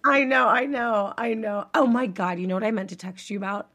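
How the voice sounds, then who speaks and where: A woman's voice: mid-range voice, brisk, fairly bright tone. A young woman from the South, co-hosting a podcast in emphatic casual chat. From American South. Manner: chatty, emphatic, uses many fillers. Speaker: podcast co-host.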